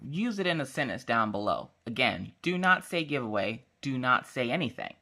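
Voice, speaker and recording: A woman vlogging about diamond painting, chatting casually as she works and telling stories in a lively, slangy, playful way. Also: a bass voice, normal speed. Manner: acts out quotes in changing voices. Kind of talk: casual chat while crafting.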